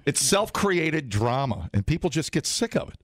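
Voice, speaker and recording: A man's voice: on the high side, sing-song, a bit bright, no echo. A man co-hosting a morning radio show, rambling and joking in casual banter. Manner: rambling, halting, jokey. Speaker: radio co-host.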